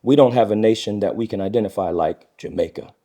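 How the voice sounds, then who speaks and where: A man's voice: fairly low pitch, fast, dark tone. A middle-aged man speaking earnestly as a guest in a casual discussion, often acting out quoted speech in a raised voice.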